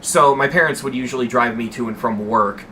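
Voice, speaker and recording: A man's voice: mid-range voice, a little fast, sharp tone, a little hiss or hum. A young man streaming, telling a story to his chat in a casual, rambling way and swearing freely.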